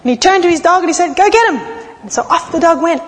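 A woman preaching a sermon, telling stories expressively and slowing down for dramatic pauses. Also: very high voice. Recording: long reverb of a large hall.

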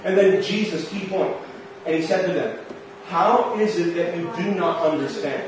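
A man's voice: high-pitched, normal speed, background noise. Preacher man in a very echoey room. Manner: reads scripture then explains it, addressing listeners as friends. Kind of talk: sermon. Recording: very echoey room heard from a distance.

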